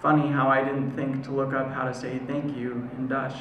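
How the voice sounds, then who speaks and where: An American man performing a spoken word poem at a live event, with a measured, deliberate delivery and slow, lingering pauses. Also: medium pitch, little pitch movement, highs cut off. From United States. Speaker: poet. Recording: echoey room, faint ambient noise.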